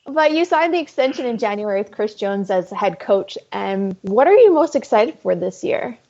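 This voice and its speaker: A woman's voice: medium pitch, big pitch swings, normal speed, warm tone, lo-fi sound. A woman co-hosting a podcast, asking questions like an enthusiastic fan. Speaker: podcast co-host. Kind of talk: casual podcast chat.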